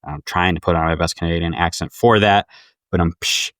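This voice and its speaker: A man's voice: deep voice, fairly even intonation, fairly quick, fairly bright tone, no echo, clean studio sound. A man co-hosting a podcast in casual chat, talking with many fillers and restarts. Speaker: podcast co-host.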